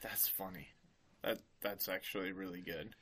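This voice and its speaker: Dude chiming in w short amused replies, really bright voice. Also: male voice, deep voice, fairly even intonation, moderate pace, breathy edge. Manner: amused, brief reactions. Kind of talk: casual chat.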